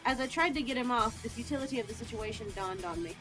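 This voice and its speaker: Playful woman host with a slightly high voice, hamming up a read-aloud. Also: quick pace, music in the background. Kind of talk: reading a visual novel aloud, casual chat.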